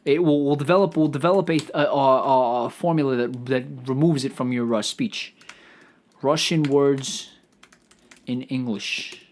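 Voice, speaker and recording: A man hosting a solo comedic podcast, riffing out loud in a profane, stammering ramble. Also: mid-range voice, brisk, few pauses. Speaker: podcast host.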